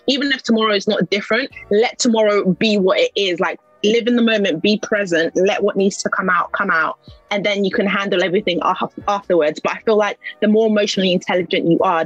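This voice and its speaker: A woman's voice: medium pitch, husky, no echo, rough recording. A young woman chatting candidly and emotionally, often acting out her own inner voice. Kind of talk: casual chat.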